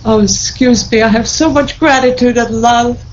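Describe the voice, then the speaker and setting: A woman's voice: on the high side, steady tone, moderate pace, muffled recording, slight background noise. A woman sharing an emotional spiritual testimony in a group, fervent and tearful with joy, repeating her thanks and blessings.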